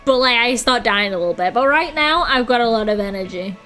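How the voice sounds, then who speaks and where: British woman, high voice, casual streamer banter, teasing and giggly, swears a lot, faint music under her. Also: lively intonation, brisk, pushed and bright. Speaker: streamer hosting a drawing stream. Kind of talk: casual live-stream chat.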